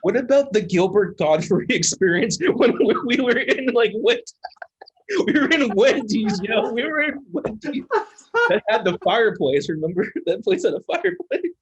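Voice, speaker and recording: A man's voice: high voice, sing-song, normal speed, lo-fi sound. A young man co-hosting a casual podcast, teasing his friend and chuckling as he talks. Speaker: podcast co-host. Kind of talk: casual chat.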